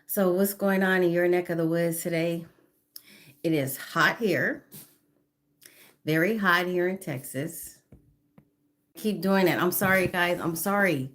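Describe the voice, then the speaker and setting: Slow-talking woman in her fifties. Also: fairly low pitch, a bit bright. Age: 50s. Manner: chatty, greets viewers by name, apologetic. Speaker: livestreamer. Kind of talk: casual live-stream chat, greeting viewers. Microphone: phone.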